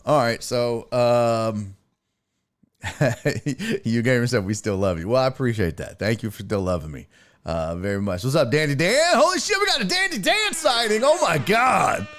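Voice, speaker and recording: A man from Houston, hosting a sports livestream and chatting loosely with viewers, swearing freely and using lots of fillers. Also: mid-range voice. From Houston, Texas. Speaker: sports show host. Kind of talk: casual livestream chat reading the chat.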